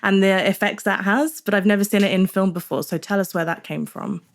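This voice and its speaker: A woman's voice: mid-range voice, steady tone, brisk, creaky. Chatty enthusiastic woman interviewer. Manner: enthusiastic, asks long rambling questions with "like". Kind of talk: interview questions.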